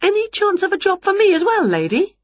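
A woman voicing a scatty, cheerful female witch in a picture-book reading, talking in an excited, drawn-out, playful way. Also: extremely high pitch, no room sound, dull audio, pitched above the performer's own voice, exaggerated voice. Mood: eager.

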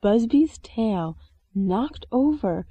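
A woman, an English teacher reading a storybook aloud with expressive sound words. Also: fairly high pitch, very slow, husky, no echo, dull audio. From China. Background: soft music.

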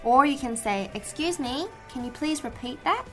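A woman co-hosting an English learning show, explaining polite phrases in a clear, teacherly way. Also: sits high, expressive, pushed and bright, soft background music. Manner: clear teacherly delivery, models phrases slowly. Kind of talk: scripted language-lesson chat.

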